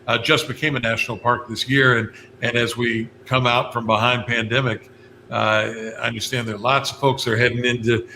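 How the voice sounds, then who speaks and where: A man's voice: medium pitch, level tone, a little fast, pushed and bright, slight background noise. A man from West Virginia, a guest on a radio talk show, telling folksy stories and laughing easily. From West Virginia, USA. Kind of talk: radio interview chat.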